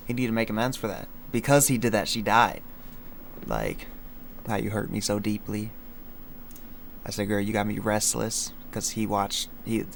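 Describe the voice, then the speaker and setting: A young man chats on a late-night stream, rambling through his own lyrics with heavy fillers and slang. His voice sits on the low side, with faint noise in the background. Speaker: streamer explaining his song. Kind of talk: casual livestream chat.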